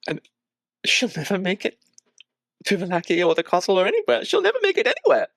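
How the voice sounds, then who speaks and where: A distraught young village woman pours out her fear in a high, breaking voice that keeps tripping over itself, as a man voices her. It is a tabletop game, close-miked in a dry room. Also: fairly quick, a bit bright, no echo. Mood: desperate. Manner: breathless, stammering, pleading.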